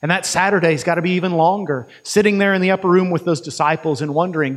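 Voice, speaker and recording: A male preacher retelling a story in a sermon, vivid and conversational, with quick restarts. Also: high-pitched, long reverb tail.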